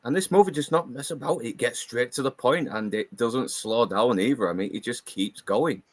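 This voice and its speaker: A man's voice: mid-range voice, moderate pace, no room sound. Emphatic man praising a film. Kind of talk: casual movie chat.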